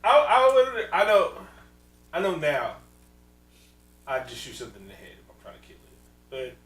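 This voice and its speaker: A man co-hosting a podcast, casually recapping a movie, loud, swearing freely and acting out scenes, laughing often. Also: fairly high pitch, big pitch swings, normal speed, echoey room, recorded from a distance, rough recording. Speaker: podcast co-host.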